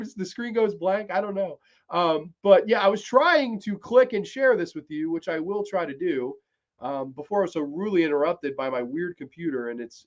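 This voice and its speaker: A man hosting a live-streamed TV review, talking casually, swearing freely and excitedly retelling scenes. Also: on the high side. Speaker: podcast host reviewing a TV series. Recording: dull lo-fi stream audio.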